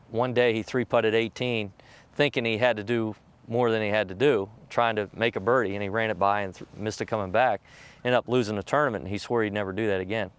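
A middle-aged man, a professional golfer, telling candid stories in an interview, acting out other people's lines with jumps in pitch. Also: smooth. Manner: animated, acts out quoted voices with jumps in pitch.

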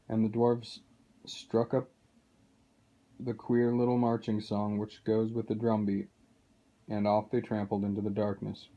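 A man reading a children's novel aloud in a steady, unhurried way. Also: lowish voice, lo-fi sound. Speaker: reader.

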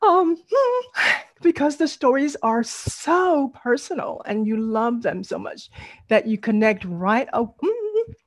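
A middle-aged woman, leading an online storytelling workshop over a video call, encouraging and laughing often. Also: fairly high pitch.

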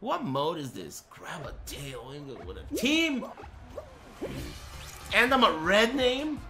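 Male streamer, 20s, profane mock-angry chat banter, lively pitch, clear game music behind. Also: slow. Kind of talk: live gaming stream chat.

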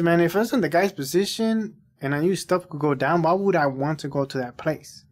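A man's voice: on the high side, moderate pace. A man hosting a reaction video, chatting casually and rambling as he talks to the viewer. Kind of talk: casual commentary.

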